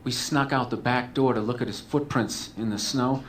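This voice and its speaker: A man's voice: mid-range voice, fairly even intonation, moderate pace, fairly bright tone, a little hiss or hum. A male comedian telling a long story as a talk show guest. He rambles, swears freely and mocks himself. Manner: profane, rambling, self-mocking.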